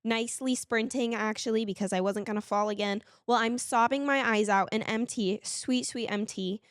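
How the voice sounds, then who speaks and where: A woman's voice: fairly high pitch, fairly even intonation, moderate pace, dry recording, clean studio sound. A woman co-hosting a podcast, telling a story animatedly and laughing, squealing when she quotes herself. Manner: laughs while telling stories. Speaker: podcast co-host. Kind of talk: casual chat.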